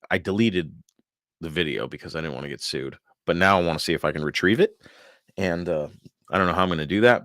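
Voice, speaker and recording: A young man with a very low voice hosts a solo podcast and talks through what happened to him in an easygoing way. He swears freely and often laughs at himself. The sound is dry and close, with no room around it. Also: fairly bright tone, dry recording. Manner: loose and profane, laughing often at his own stories. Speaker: podcast host. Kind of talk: casual solo podcast storytelling.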